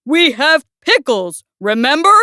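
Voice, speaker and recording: A woman doing a pompous slow-talking bear. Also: sits high, very animated, pushed and bright, dry recording, studio quality, heavily acted. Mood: grand scolding. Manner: slow, grand, declaiming. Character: pompous stern male bear, fond of pickles.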